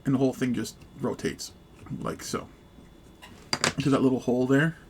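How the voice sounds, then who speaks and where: A man's voice: mid-range voice, moderate pace, background noise. Man casually demonstrating a repair. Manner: relaxed, joking, hesitant with fillers. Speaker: gun repair video host.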